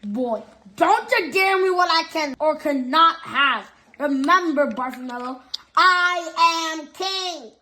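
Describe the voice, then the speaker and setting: A woman's voice: high voice, animated, slow pace, bright, forceful tone, full character voice. A woman voicing a grumpy, bossy old male king who growls and bellows at a boy in a read-aloud storybook. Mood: angry demanding.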